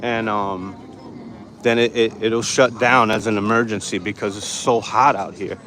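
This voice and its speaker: On a hot downtown sidewalk, a sweaty street vlogger holds his phone out and speaks directly to viewers of his live-streamed walk. His voice is on the low side and a bit bright, with fairly even intonation, a little slow. Brash and defiant, he swears freely over a faint hum of traffic and outdoor noise.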